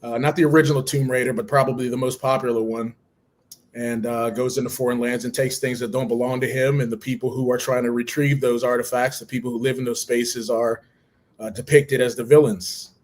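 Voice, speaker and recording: A man co-hosting a live stream, walking through comic pages in an even tone with many pauses. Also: medium pitch. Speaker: co-host. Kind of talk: describing comic art.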